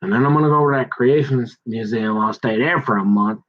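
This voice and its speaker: A man talking in a rambling personal monologue, halting and restarting and often acting out bits of dialogue in a raised voice. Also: mid-range voice, muffled recording. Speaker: vlogger.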